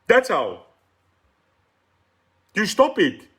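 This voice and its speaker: A man's voice: sits high, huge pitch swings, drawn-out words, a bit bright, husky. A middle-aged South African man with a South African accent hosting a live political stream, speaking passionately, mixing in Afrikaans and greeting viewers by name. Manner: impassioned, switches between English and Afrikaans, greets viewers by name. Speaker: political talk show host.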